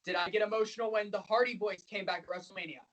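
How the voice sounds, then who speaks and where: A man's voice: sits high, fairly even intonation, rapid-fire, fairly bright tone, lo-fi sound. Male podcast co-host, casual chat, rambling and repetitive, openly emotional.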